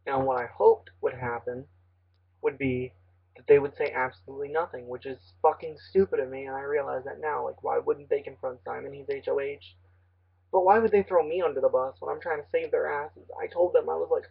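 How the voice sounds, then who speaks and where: A man's voice: a little high, steady tone, a little fast, creaky, slightly rough, dry recording. A man giving an angry confessional rant as a player in an online reality game, swearing heavily. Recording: tinny phone-like line, dry.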